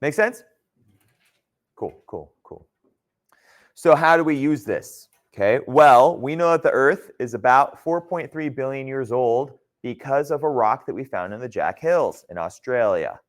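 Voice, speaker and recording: Lively-voiced male geology lecturer. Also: medium pitch, a little slow. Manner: conversational, often checks with "okay?" and "right?". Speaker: geology instructor. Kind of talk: classroom lecture. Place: classroom.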